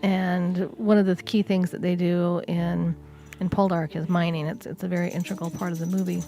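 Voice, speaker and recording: A woman's voice: fairly low pitch, flat delivery, normal speed, warm tone, faint music behind. A woman co-hosting a casual podcast, chatty and self-deprecating, prone to friendly digressions. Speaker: podcast co-host. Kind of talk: casual paranormal podcast chat.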